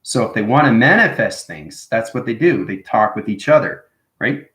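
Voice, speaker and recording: A man's voice: mid-range voice, animated, normal speed, fairly bright tone, echoey room, low-quality recording. A man hosting a casual spiritual monologue, rambling and checking in with "right?" and "you know what I mean" after nearly every point. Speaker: spiritual video host.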